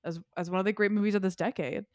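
A woman's voice: mid-range voice, steady tone, fast, darkish tone, dry recording, clean studio sound. A woman co-hosting a podcast, chatting casually about films, giggly and enthusiastic, tripping over repeated words. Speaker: podcast co-host. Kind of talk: casual film chat.

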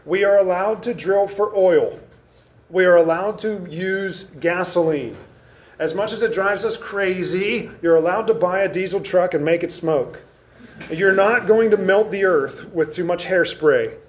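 A man teaching an adult Sunday school class, reading scripture aloud and slowing down to stress key words. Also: high-pitched, a little hiss or hum. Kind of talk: Bible lesson to an adult class. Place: church classroom.

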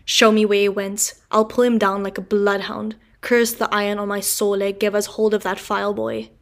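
Woman doing a gruff hungry convict. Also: a little high, flat delivery, moderate pace. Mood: fierce. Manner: loud, rough and urgent. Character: gruff starving male convict, fierce and wary.

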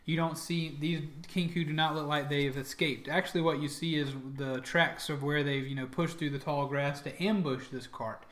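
A man's voice: on the high side, fairly even intonation, normal speed, hardly any pauses, reverberant. A man running a tabletop game as game master, narrating loosely with lots of fillers. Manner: loose, chatty narration with fillers and shouted character cries.

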